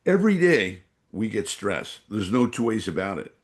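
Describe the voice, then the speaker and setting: Telling stories in a podcast interview, this San Francisco man, an energy awareness trainer, wanders along with lots of fillers and imitates the characters' voices. He speaks at a moderate pace in a fairly low, sing-song voice.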